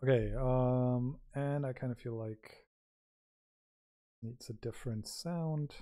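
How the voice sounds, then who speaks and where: Slow, mellow man musing aloud. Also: medium pitch. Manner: unhurried, thinking aloud. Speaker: music live-streamer. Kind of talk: casual live-stream chat while making music. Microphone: new microphone with noise reduction and compression.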